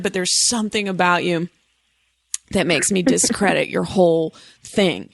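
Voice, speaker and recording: A woman's voice: on the low side, normal speed, dry recording. A woman in her thirties hosting a comedy call-in podcast, telling stories in a playful, joking way. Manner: playful, swears, mock campfire-story whispers. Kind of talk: casual comedic storytelling.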